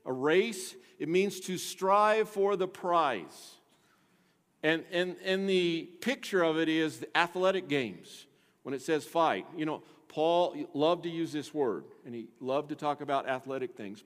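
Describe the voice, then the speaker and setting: Man, pastor, sermon, earnest, asks the listeners questions, slightly high voice, long hall echo.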